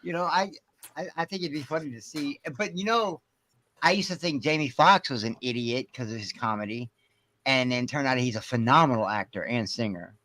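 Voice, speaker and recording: A man hosting a casual panel podcast, talking in an animated, profane way and laughing often. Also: medium pitch, a little fast. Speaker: podcast host.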